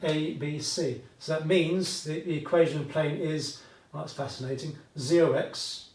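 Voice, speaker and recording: A man's voice: on the high side, steady tone, normal speed, darkish tone. A British man teaching a maths lesson at a whiteboard, chatty and fond of asides, checking in with "okay?" often. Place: classroom with whiteboard. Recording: echoey room, voice from far off.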